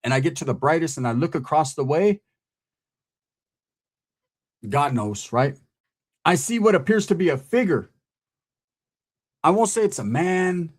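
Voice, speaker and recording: A man casually telling a scary camping story, animated and profane, full of street slang and a constant "right?". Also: a little high, measured pace, long pauses. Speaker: podcast host telling a story.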